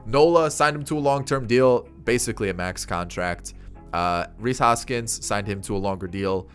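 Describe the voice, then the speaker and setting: A man's voice: fairly low pitch, normal speed, a bit bright, smooth, soft background music. A young man giving casual commentary on his own gameplay, thinking aloud with frequent restarts and getting exasperated at times. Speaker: gaming YouTuber.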